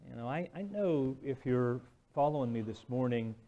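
A man's voice: medium pitch, animated, moderate pace, mellow, dull audio. Male preacher telling a story in a sermon. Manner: conversational storytelling, frequent "right?" and "um".

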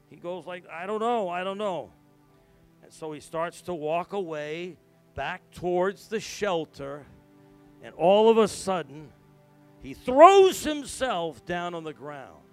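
A middle-aged male pastor preaching, his fairly high voice telling a story in hushed tones before rising to loud, emphatic calls. Soft music plays faintly behind him. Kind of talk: sermon.

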